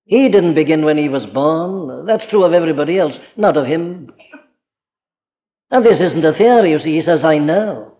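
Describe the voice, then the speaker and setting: A man's voice: fairly high pitch, animated, moderate pace, big-room sound. A man with a Welsh accent preaching a sermon, earnest and emphatic, speaking directly to his listeners. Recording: dull lo-fi archive recording.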